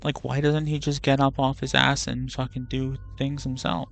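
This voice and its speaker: A man's voice: mid-range voice, flat delivery, normal speed, gravelly, a bit bright, faint music behind. A man streaming a video game, chatting casually in a rambling way, swearing freely, and often correcting himself mid-sentence. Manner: rambling, profane, self-correcting. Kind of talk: casual gaming livestream chat.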